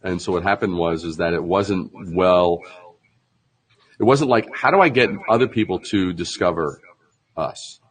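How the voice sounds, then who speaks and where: A man interviewed as a branding expert talks at normal speed, animated and conversational, often laughing as he acts out mock sales pitches. The recording is low quality.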